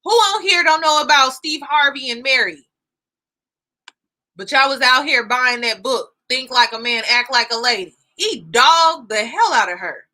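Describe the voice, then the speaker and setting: Bright high-voiced woman streamer. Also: expressive, moderate pace. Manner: chatty, shouts out viewers, exclaims. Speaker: YouTube host reacting live. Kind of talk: casual live-stream reaction chat.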